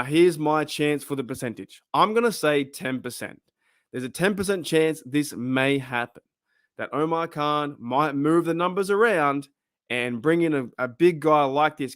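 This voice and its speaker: A man's voice: fairly high pitch, normal speed, a bit bright, no echo, clean studio sound. A man with an Australian accent hosting his own fan channel, chatting casually and rambling as he asks viewers questions. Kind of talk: casual chat to camera.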